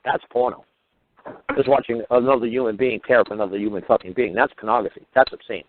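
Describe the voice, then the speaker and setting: A man's voice: mid-range voice, fast talker, slight background noise. A man hosting a radio talk show, ranting with crude, mocking, swear-filled talk. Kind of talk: profane ranting monologue. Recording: tinny phone-line radio audio.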